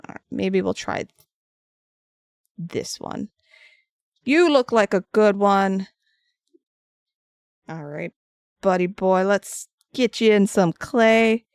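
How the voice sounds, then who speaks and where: A woman's voice: medium pitch, slow pace, pauses often, a little mellow, clear, resonant tone, no echo, clean studio sound. A woman streaming as she sculpts and paints, chatting casually and answering her viewers. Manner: chatty and rambling, answering chat with frequent restarts. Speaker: craft streamer.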